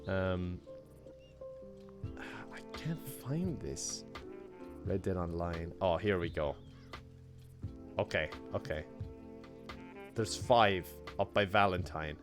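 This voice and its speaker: A young Irish man chatting casually on a live game stream, reading out and thanking chat messages in a relaxed way and laughing often. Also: low-pitched, takes it slowly, long pauses, over music.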